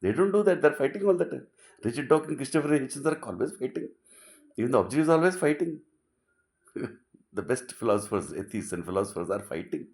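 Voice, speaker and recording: A man's voice: medium pitch, very animated, a little fast. A middle-aged man, giving an impassioned philosophical talk full of repetition and rhetorical questions, dropping to near whispers at times. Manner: emphatic, repeats phrases, rhetorical questions, swings between loud and hushed. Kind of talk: impassioned monologue.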